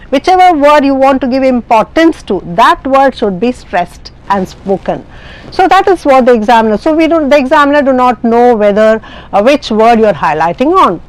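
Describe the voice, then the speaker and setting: In a low-quality recording, a woman whose voice sits on the high side delivers a classroom lecture on IELTS speaking. She has an Indian English accent and explains as she goes, with lots of fillers and false starts.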